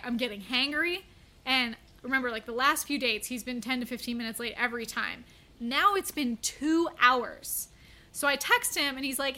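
Bright-voiced chatty woman. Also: high voice, normal speed. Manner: chatty and wry, laughing often. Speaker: content coach. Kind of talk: storytelling to camera.

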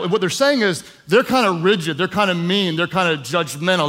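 High-voiced preacher, emphatic and conversational. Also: male voice, moderate pace, few pauses, fairly bright tone. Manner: emphatic repetition with humorous asides; conversational, with frequent "um" fillers. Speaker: pastor. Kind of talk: sermon.

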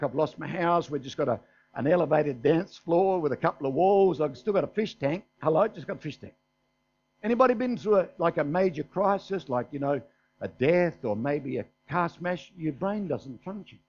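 An older man with an Australian accent, preaching a sermon in a folksy storytelling way, often asking "is that right?". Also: sits high. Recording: dull, muffled sermon recording.

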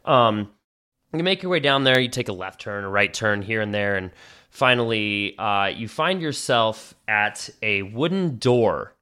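A man's voice: on the low side, animated, a little slow, bright, forceful tone, smooth. A man narrating a tabletop game as game master, casual and rambling with lots of fillers.

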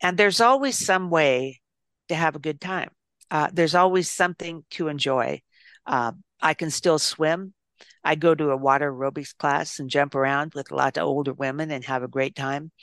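An older woman, an author and psychologist, speaking as a guest in an interview, reflecting and telling stories with gentle restarts. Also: low-pitched, moderate pace, no room sound, studio quality. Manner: thoughtful storyteller with gentle restarts.

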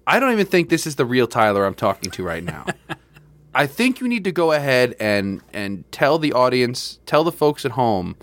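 Animated joking podcast host, man. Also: mid-range voice, normal speed. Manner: joking, animated, laughs often. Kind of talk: casual comedic podcast chat.

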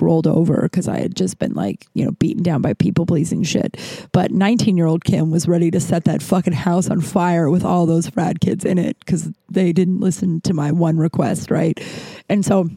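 A woman's voice: on the low side, creaky, dry recording. A woman in her thirties casually telling a long personal story, rambling and swearing, with many restarts and fillers. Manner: rambling, profane, animated retelling with many likes and restarts.

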